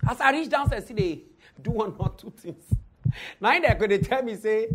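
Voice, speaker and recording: A woman with a Nigerian Pidgin accent, hosting a podcast and telling an event story with hushed asides and loud outbursts. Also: on the high side, normal speed, noisy background. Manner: animated, swings from hushed asides to loud exclaims. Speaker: podcast host.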